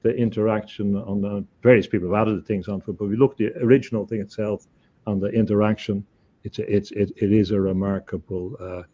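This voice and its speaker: A man speaks as an interview guest in a low, mellow voice. He tells his story earnestly, stumbling and repeating words as he gathers his thoughts. The audio is dull and lo-fi. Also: steady tone, fast talker. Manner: earnest, hesitant, repeats words while thinking. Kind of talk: conversational storytelling.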